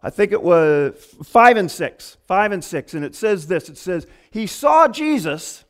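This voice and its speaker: A man preaching a sermon in an animated, conversational way, acting out quoted voices and pausing to restart his thoughts. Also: high voice, clear, resonant tone.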